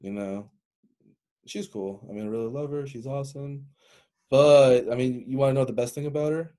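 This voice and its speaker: A man's voice: mid-range voice, steady tone, moderate pace, mellow. A man around thirty hosting a casual crude podcast, teasing his guest with provocative questions. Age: 30s.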